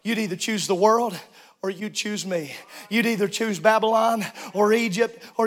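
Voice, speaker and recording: A man, a pastor, preaching a sermon in a church, shouting and swinging into sing-song cadences. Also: high voice, steady tone, normal speed.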